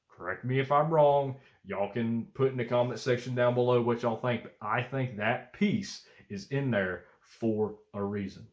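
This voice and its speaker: A man's voice: medium pitch, fairly bright tone. A man hosting his own channel, giving blunt, profane, opinionated commentary straight to camera. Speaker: YouTube channel host.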